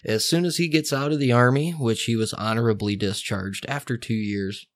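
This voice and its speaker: A man's voice: mid-range voice, steady tone, normal speed. A man hosting a podcast who tells a true-crime story casually, loose and profane, with lots of fillers and asides. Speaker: podcast host.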